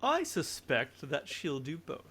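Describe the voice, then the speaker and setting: A man's voice: fairly high pitch, wildly swooping pitch, unhurried, bright, forceful tone, breathy edge, exaggerated voice. A man playing a sly scheming schemer. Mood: assured. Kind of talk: tabletop game character voice.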